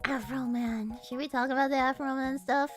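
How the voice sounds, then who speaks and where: A woman's voice: high voice, fairly even intonation, moderate pace, soft background music. A young adult woman streaming casually as a VTuber, profane and incredulous, laughing often. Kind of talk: casual react stream chat.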